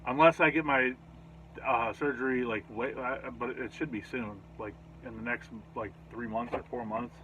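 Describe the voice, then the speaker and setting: A man casually recapping a festival in a rambling, profane, excitable way. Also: mid-range voice, normal speed. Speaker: vlogger reviewing a festival. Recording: slightly dull lo-fi audio with faint noise.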